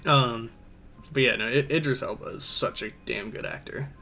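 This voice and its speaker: A man's voice: medium pitch, normal speed, bright, forceful tone, soft background music. A man streaming a racing game, chatting casually about shows and movies with many fillers.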